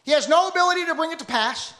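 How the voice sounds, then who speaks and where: A man preaching a sermon with fervent, rhythmic repetition that builds to shouts. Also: extremely high pitch, lively intonation, very fast.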